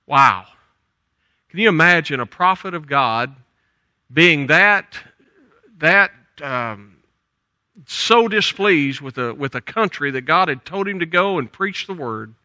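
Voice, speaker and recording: A man's voice: on the high side, animated, slow pace, long pauses, no echo. An older man with a Southern US accent preaching a folksy, conversational sermon in church. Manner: folksy, conversational preaching with soft trailing endings. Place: church sanctuary.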